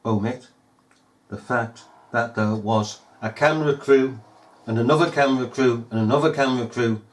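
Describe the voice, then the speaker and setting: A man's voice: mid-range voice, moderate pace. A man giving scornful, emphatic commentary over news footage, full of rhetorical questions. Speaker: video commentator.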